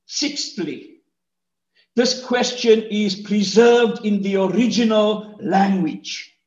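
A high-voiced male preacher delivering a sermon at an unhurried, deliberate pace. He is rhetorical and emphatic, climbing to loud shouts on key points. The recording is echoey and a little muffled. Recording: echoey, slightly muffled room.

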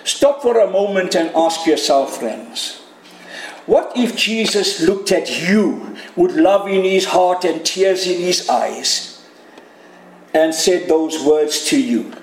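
Slow-speaking preacher, high voice. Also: male voice, expressive. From Canada. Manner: earnest, conversational preaching with direct questions to the audience. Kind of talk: sermon. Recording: echoey room.

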